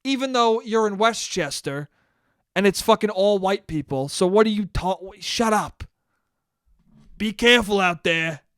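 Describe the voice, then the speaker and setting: Young male podcast host, rambling and profane, crisp voice, dry close sound. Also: sits high, animated, normal speed, dry recording. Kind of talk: casual solo podcast monologue.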